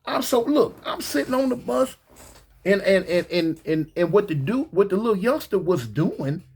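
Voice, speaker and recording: A husky-voiced, animated narrator tells a casual, slang-filled tale at a moderate pace. The pitch rises and falls dramatically, words get repeated, and the teller keeps acting out other people's voices in quotes.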